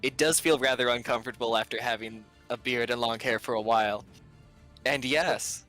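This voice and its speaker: Male player, crisp bright tone, playful and nitpicky. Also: mid-range voice, fairly even intonation, moderate pace, faint music behind. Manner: joking, precise about details. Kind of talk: casual chat.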